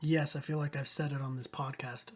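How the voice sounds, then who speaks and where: A man's voice: medium pitch, little pitch movement, fairly quick, slightly rough. A young man joining a casual podcast chat, laid-back and joking.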